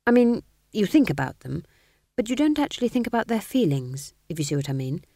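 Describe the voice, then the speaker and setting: A woman voicing a shy, anxious young witch who talks high and fretfully. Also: very animated, a little fast, vocal fry, warm tone, no echo, studio quality.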